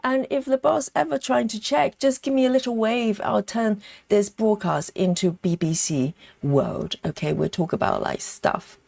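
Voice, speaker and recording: A woman's voice: fairly high pitch, moderate pace, gravelly, few pauses, a little mellow, no echo. A woman hosting a live stitching stream in a casual chatty way. She reads viewers' comments aloud and counts stitches as she works. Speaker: livestream host stitching live.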